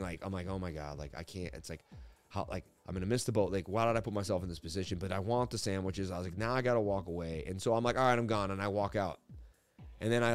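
A man's voice: on the low side, no room sound. A man hosting a crypto market show, telling a rambling story full of "like" fillers and then talking through charts. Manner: animated, rambling, frequent "like" fillers. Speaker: crypto market analysis host. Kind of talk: casual storytelling and chart commentary.

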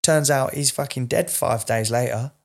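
A man's voice: mid-range voice, normal speed, gravelly. A man in his forties telling a raw, emotional personal story in a candid conversation, swearing freely. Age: 40s.

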